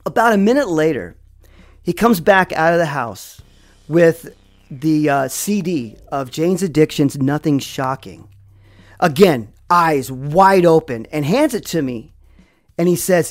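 A man recounts a personal story at an unhurried, dramatic pace, sprinkling in fillers. His pitch rises and falls expressively. The sound is dry and close, with faint music beneath. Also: lively intonation, dry recording. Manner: slow, dramatic delivery with many fillers. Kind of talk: first-person spoken storytelling.

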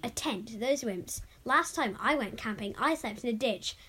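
A woman's voice: a little high, expressive, moderate pace, a bit bright, pitched below the performer's own voice. A woman quoting a tough, scornful young adventurer.

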